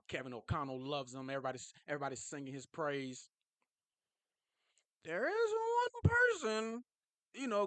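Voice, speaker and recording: A man talking casually and excitably as a football fan vlogger, jumping from low mutters to high yelps. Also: no echo. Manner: animated, excitable, swings from low mumbling to high shouts.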